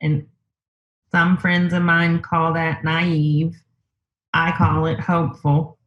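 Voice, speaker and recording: A woman guest in a conversational interview, telling a personal story in an unhurried way, thinking aloud with lots of fillers. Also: low-pitched, level tone, highs cut off.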